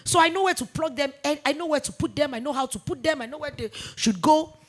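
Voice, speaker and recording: A woman in her forties, a business founder talking in a fireside chat interview, emphatic and animated, repeating points for weight. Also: high-pitched, fast talker. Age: 40s. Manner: emphatic, animated storytelling with repetitions.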